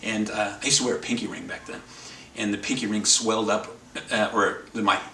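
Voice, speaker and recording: A man's voice: fairly low pitch, fairly even intonation, a little fast, pushed and bright. A man telling a rambling, wry anecdote in a casual way, often correcting himself as he goes. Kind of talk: casual anecdote told to camera. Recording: roomy, distant, faint background noise.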